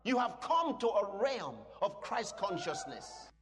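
Man, preacher, sermon, very high voice, emphatic, long hall reverb. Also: very animated, a little slow, background noise. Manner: emphatic, swings from quiet teaching to shouted declarations.

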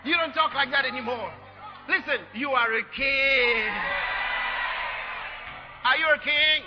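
A man preaching a sermon, shouting and repeating his exhortations. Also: extremely high pitch, measured pace, big-room sound, loud music behind the voice, a loud crowd. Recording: dull lo-fi sermon recording.

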